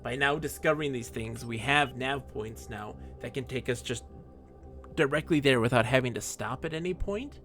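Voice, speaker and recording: A man streaming a game, telling a rambling personal story in a chatty, animated way. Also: mid-range voice, normal speed, soft background music. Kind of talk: casual storytelling while playing a game.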